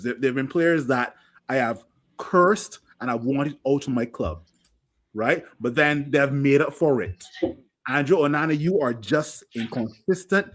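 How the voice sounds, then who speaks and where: A man ranting furiously as a fan panelist on a podcast, repeating himself and swearing. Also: mid-range voice. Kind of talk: angry fan rant on a podcast.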